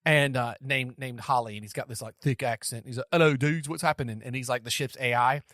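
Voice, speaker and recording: A man's voice: mid-range voice, fairly even intonation, a little fast, pushed and bright, dry recording, studio quality. A man hosting a casual podcast chat, telling stories animatedly and repeating words as he thinks. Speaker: podcast host.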